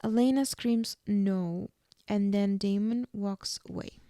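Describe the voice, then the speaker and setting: A woman's voice: mid-range voice, fairly even intonation, unhurried, gravelly, warm tone, no echo, clean studio sound. A young woman hosting a podcast, casually recapping a TV episode in a chatty way full of fillers. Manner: chatty, full of "like" and "you know". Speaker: podcast host.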